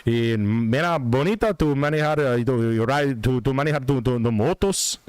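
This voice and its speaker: A raised, excitable voice of a Puerto Rican real-estate hustler, put on by a man with a thick put-on Puerto Rican Spanish accent. He hops between Spanish and broken English, hyping everything. The sound is dry and close. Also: mid-range voice, normal speed, smooth, dry recording, voice pushed up, close to an everyday voice. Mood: hyped.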